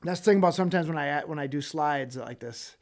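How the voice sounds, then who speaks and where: A man's voice: on the high side, quick pace. A man giving a casual Bible teaching, reading scripture and acting out the people in it, often checking in with "okay?". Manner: animated, acts out quoted voices, frequent "okay?" check-ins. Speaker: preacher.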